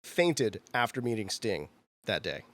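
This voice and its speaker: A man hosting a casual podcast chat, an animated storyteller who laughs often and acts out the people in his stories. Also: on the low side, a little slow, no echo. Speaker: podcast host.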